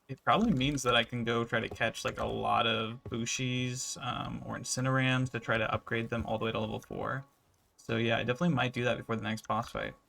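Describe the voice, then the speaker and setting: Man, gravelly voice, casual game commentary, relaxed and rambling, fillers. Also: mid-range voice. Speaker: gaming YouTuber.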